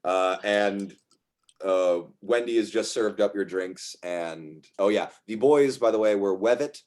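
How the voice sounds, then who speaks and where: A man's voice: on the low side, unhurried, darkish tone. A man running a tabletop game as game master, talking with many fillers and frequent laughs.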